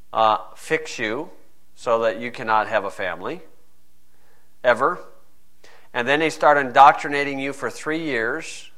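Preacher, man, mid-pitched, bright and forceful delivery, punches key phrases. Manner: emphatic, swings between quiet asides and loud stressed phrases. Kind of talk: sermon.

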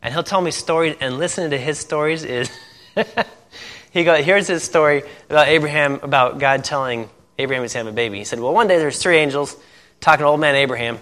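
His pitch is fairly high, his pace quick, and his tone fairly bright. This man, a missionary pastor from Indiana, tells sermon stories in church and laughs at them often, captured in a hall with long reverb.

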